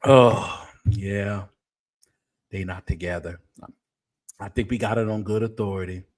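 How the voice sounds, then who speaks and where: A man hosting a late-night livestream of gossip commentary, chatty and teasing, talking straight to his viewers with drawn-out exclamations. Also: lowish voice, fairly even intonation. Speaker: show host.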